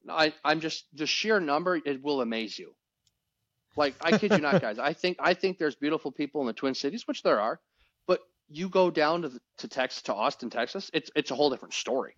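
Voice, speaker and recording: Male co-host, raised pitch, gushing and rambling, dull dry podcast sound. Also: fairly quick, no echo. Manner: excitable, rambling, restarts words. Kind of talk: casual chat.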